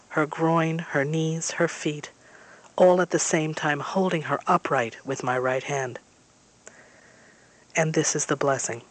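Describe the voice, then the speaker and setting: A woman reading a first-person story aloud, softly and slowly, at times dropping to a whisper. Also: low voice, no room sound, rough recording. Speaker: reader.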